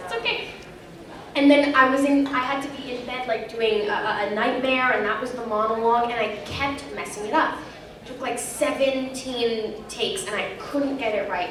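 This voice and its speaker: A woman's voice: fairly high pitch, a little hiss or hum. A young woman chatting animatedly on a convention panel, laughing as she tells stories. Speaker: panel guest. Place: large convention hall. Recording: echoey hall from far off.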